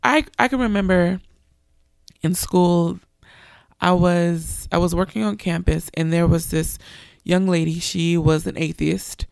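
Earnest preaching woman, gravelly, dry. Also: fairly low pitch, a little slow, dry recording. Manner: earnest testimony, animated quoting of others. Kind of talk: sermon.

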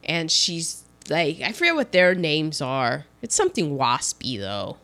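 A woman's voice: low-pitched, a little slow. A woman in casual chat, retelling a film scene by scene, acting out the characters' lines with lots of restarts. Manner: animated, acts out lines with restarts.

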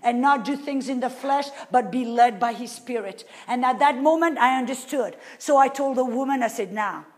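High-voiced woman preaching a sermon. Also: normal speed, hardly any pauses. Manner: emphatic, asks the audience rhetorical questions; swings between loud and very soft.

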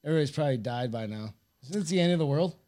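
A man co-hosting a casual podcast, loud and rambling, swearing freely. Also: fairly high pitch, animated, racing. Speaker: podcast co-host. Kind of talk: casual chat.

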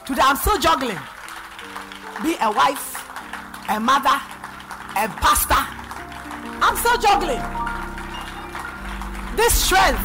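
Ghanaian woman pastor, middle-aged, animated sermon delivery, pitch leaps all over. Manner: animated preaching, swinging from loud to soft. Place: church.

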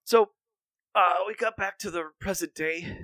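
A man's voice: high voice, unhurried, pushed and bright, no room sound. A man co-hosting a podcast, recapping a cartoon episode in a rambling, casual way with many fillers and restarts. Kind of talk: casual chat.

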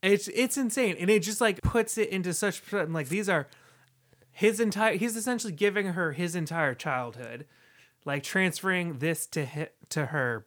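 A young man with a fairly high voice talks on a casual podcast. He rambles through many fillers and gets emotional as he talks. He sounds like a podcast co-host. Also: a bit bright. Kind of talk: casual chat.

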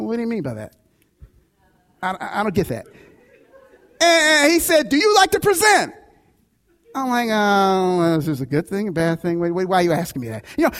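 A man preaching with a notably high, very lively voice that leaps up and down as he tells his story. His words ring out with a long echo, as if spoken in a large church sanctuary. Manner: animated storytelling with shouts and laughs. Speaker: pastor. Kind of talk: sermon.

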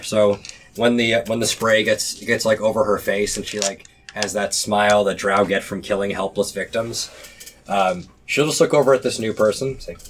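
A man chatting casually as a player in a tabletop game, animated and often restarting his sentences. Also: lowish voice, slight background noise.

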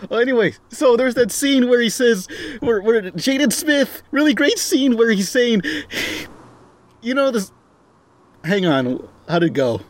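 A man's voice: very high-pitched, big pitch swings, a little slow. A man hosting a casual podcast chat who rambles, stumbles over his words and swears freely. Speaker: podcast host.

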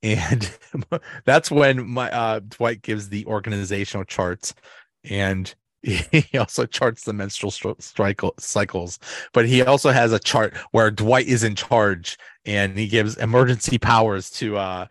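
A man's voice: on the low side, a little slow, dry recording, clean studio sound. A man hosting a podcast, recapping TV episodes in a casual, rambling way with lots of fillers and restarts. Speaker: podcast host.

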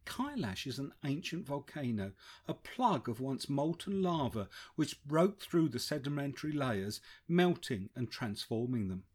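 A man narrating a first-person travel memoir in a measured, descriptive way. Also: mid-range voice, big pitch swings, a little mellow, breathy edge. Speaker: audiobook narrator.

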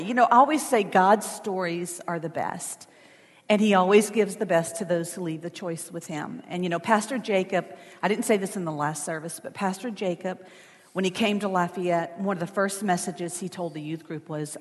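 A woman's voice: on the low side, normal speed. A woman telling a personal story in a sermon in a chatty, emotional way, with asides to the congregation. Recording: long church hall reverb.

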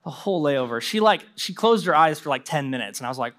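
A young adult man, a pastor, preaching a sermon with animated storytelling and mimicked voices. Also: on the high side, fast talker.

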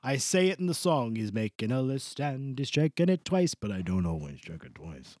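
A man's voice: mid-range voice, very animated, moderate pace, a little mellow, no echo, clean studio sound, close to an everyday voice. A man doing a crude rambling Santa Claus. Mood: boastful. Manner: voice swooping up and down in a creepy way; rambling, boastful, crude, laughing. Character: crude foul-mouthed Santa Claus, male, old, boastful. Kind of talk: improvised comedy podcast bit.

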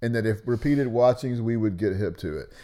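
Co-host, male, low mellow voice, crude sarcastic banter, lively inflection. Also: brisk. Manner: crude, sarcastic, laughs often. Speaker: podcast co-host. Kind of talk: casual movie-watching banter.

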